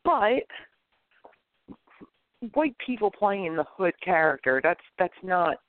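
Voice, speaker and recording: A man hosting a podcast in casual chat, animated and opinionated, rambling with many restarts. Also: sits high, takes it slowly, no room sound. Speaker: podcast host. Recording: tinny phone-like lo-fi audio, dry.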